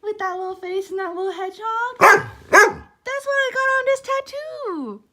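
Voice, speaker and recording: A young woman coos at her dog in a high, swooping, sing-song voice. She talks slowly and drags out her praise, laughing often. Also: lively intonation, pushed and bright. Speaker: vlogger. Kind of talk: casual home video, talking to her dog. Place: home living room.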